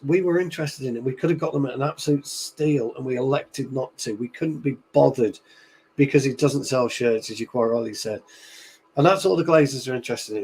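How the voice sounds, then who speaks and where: A man's voice: mid-range voice, a little mellow, a little hiss or hum, rough recording. A man talking in a casual fan chat, emphatic and repeating words for stress.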